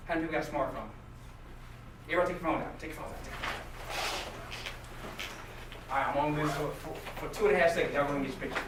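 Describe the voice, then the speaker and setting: Guy preaching business mindset to a crowd, highish voice, echoey hall, noisy. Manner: animated, jokey, questions the crowd. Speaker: motivational speaker. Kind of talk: live motivational talk to an audience. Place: hall with a live audience. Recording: distant echoey room recording with noise.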